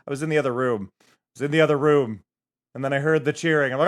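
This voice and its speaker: A streamer chats casually at home into a desk microphone, narrating what he does as he builds in a game while faint game music plays. His voice is on the high side and brisk, his manner easygoing.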